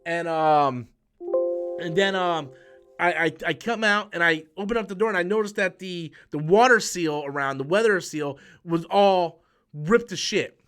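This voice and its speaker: A man's voice: high voice, measured pace, a bit bright, smooth, soft background music. A young adult man hosting his own channel, telling a story in a rambling, profane rant with many restarts. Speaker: YouTube channel host.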